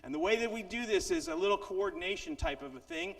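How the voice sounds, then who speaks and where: A man's voice: high-pitched, very animated, creaky. Playful guy giving a speech, lots of up and down in his voice, echoey hall, pretty far from the mic. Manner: playful, self-mocking, quick delivery. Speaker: motivational speaker. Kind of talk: keynote speech with audience participation.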